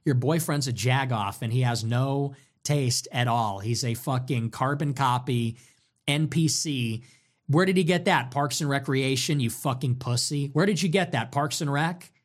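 A man's voice: medium pitch, a little slow. A young man ranting profanely and sarcastically as a livestream host.

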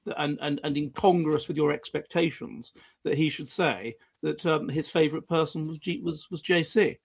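A man's voice: a little high, moderate pace, gravelly, slightly rough. A man hosting a panel discussion, emphatic and full of restarts. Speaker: host.

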